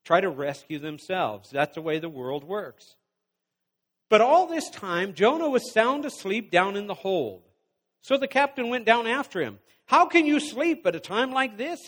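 A man's voice: high voice, long reverb tail. A man preaching a sermon, reading scripture aloud and stopping to exhort his listeners. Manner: reads scripture then pauses to exhort the congregation.

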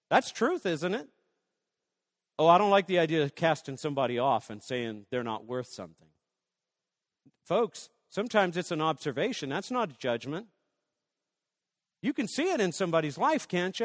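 Animated preacher with a long hall echo. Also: male voice, a little high, normal speed, long pauses. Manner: animated, swings from loud rallying questions to soft asides. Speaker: pastor. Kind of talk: sermon.

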